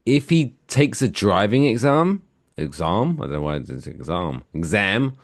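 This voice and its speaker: An English man in his forties, co-hosting a podcast in casual, profane, animated chat. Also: lowish voice, moderate pace, no echo, studio quality. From England. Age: 40s. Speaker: podcast co-host.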